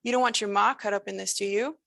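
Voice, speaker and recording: A woman's voice: medium pitch, fairly even intonation, quick pace, vocal fry, a bit bright, no room sound. A woman voicing a menacing supernatural male stranger with a folksy drawl and a lilting, sing-song way of talking.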